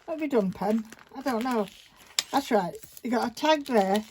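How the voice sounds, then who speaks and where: Expressive and on the high side, a woman's voice moves at normal speed as she casually demonstrates a paper craft project. She rambles and murmurs to herself while working at an indoor craft table. The phone-camera recording carries faint background noise and the crinkle of paper.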